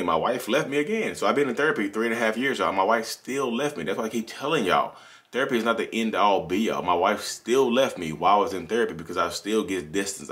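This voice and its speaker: A man in his thirties talks to camera in a candid, rambling confessional. His voice sits very low but sounds bright and forceful. He moves at a quick clip and keeps circling back to fix his own timeline. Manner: candid, rambling, self-correcting. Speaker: channel host. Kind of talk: confessional monologue.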